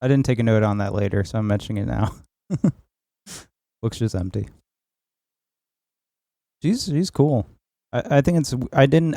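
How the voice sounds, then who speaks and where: A man with a warm, mellow voice walks through film scenes in a rambling, casual style as a podcast co-host, swearing now and then. The recording is dry and close. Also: medium pitch, vocal fry, no room sound. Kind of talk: casual film review chat.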